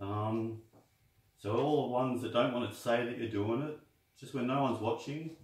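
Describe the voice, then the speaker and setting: A man's voice: medium pitch, unhurried. A man teaching martial arts breathing in a loose, rambling way, guiding the listener through breathing counts. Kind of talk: casual instructional talk. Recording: echoey room, distant mic.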